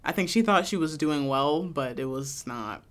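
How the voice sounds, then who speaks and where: A woman's voice: low-pitched, lively intonation, moderate pace. A woman co-hosting a casual chat, laid-back and laughing often. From United States.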